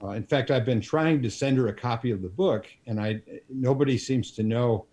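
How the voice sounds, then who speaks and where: A man in his sixties, a guest on an interview show, telling unhurried anecdotes with plenty of ums and you-knows. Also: mid-range voice, a little mellow. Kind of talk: storytelling in a casual interview.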